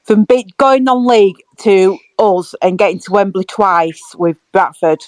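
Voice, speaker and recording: A giggly, chatty woman shares her thoughts and little stories on a fan podcast. Her voice is mid-pitched, and the sound is dry and close. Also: measured pace, darkish tone, dry recording. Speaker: podcast co-host. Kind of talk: casual fan chat.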